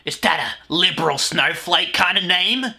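A man's voice: sits high, moderate pace, creaky, pushed and bright. A young Australian man giving casual reaction commentary, crude, mocking and rambling. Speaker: reaction video host.

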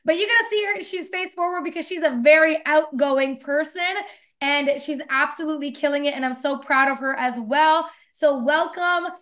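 A woman's voice: high-pitched, steady tone, moderate pace, a bit bright. A woman hosting a webinar over a video call, gushing and effusive as she praises her guests. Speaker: webinar host.

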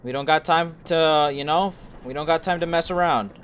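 Young man, gaming streamer, let's play commentary, crude joking banter, yelps at scares, slightly high voice. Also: moderate pace, a little hiss or hum. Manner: joking, profane, talks to himself; shouts when startled.

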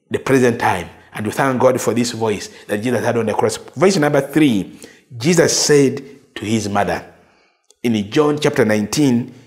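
Ugandan male pastor preaching earnestly. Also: mid-range voice. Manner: earnest preaching with slow, drawn-out emphasis on quoted words. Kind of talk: sermon.

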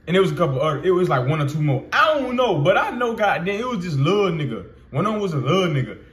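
A man's voice: high voice, sing-song, fast, a bit bright, reverberant. A man in his twenties telling a personal story in loose, profane slang with lots of fillers. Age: 20s. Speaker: vlogger. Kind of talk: casual storytelling.

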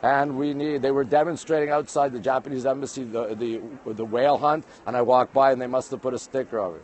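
Here the Canadian streamer talks quickly, his mid-range voice darkish and fairly even in intonation, with a little hiss or hum behind it. He's outdoors on monument steps in a busy city, phone in hand, greeting viewers and reading their comments aloud in chatty snippets.

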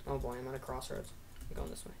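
A man cracking goofy, crude jokes in casual gaming chat. He sounds set back from the microphone, and a steady noise runs under the recording. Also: mid-range voice, fast talker. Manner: goofy, joking, crude banter. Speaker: let's play gamer. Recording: distant mic with noticeable noise.

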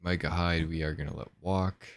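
Deep-voiced, laid-back young man gaming. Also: level tone, moderate pace, no room sound. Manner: laid-back and rambling, thinking aloud. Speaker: gaming channel host. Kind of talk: casual gameplay commentary.

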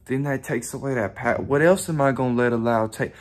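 A man's voice: mid-range voice, fairly quick. A young man talking straight to camera in a rambling, profane, self-reflective vlog monologue, often laughing at himself. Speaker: YouTuber. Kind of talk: casual motivational monologue.

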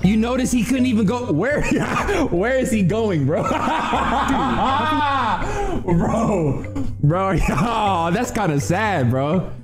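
Animated young man roasting cartoons. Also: high voice, drawn-out words, heavy background noise. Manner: animated roasting, slangy, addresses chat as bro. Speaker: streamer reacting to cartoons. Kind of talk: casual comedic commentary.

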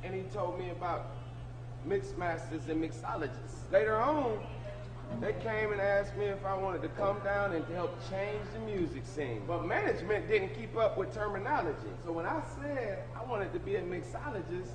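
A man's voice: high-pitched, normal speed, close to an everyday voice. A man voicing a blind, jokey male bartender figure of a late singer who delivers punchlines in a chatty way. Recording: echoey room with background noise.

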